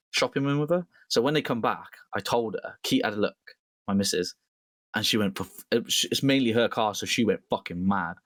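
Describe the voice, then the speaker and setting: A man's voice: medium pitch, fairly bright tone, no echo, studio quality. A young man chatting casually on a podcast, telling stories animatedly, acting out the quotes and swearing a lot. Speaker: podcast co-host. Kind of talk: casual chat.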